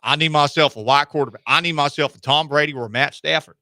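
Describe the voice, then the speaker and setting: A sports radio host putting on a mocking voice for a football coach who rants insistently and gets louder with each demand. The tone is bright and forward, and the studio sound is dry and close. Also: male voice, fairly high pitch, fast talker, no echo. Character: male football coach ranting, in a put-on accent.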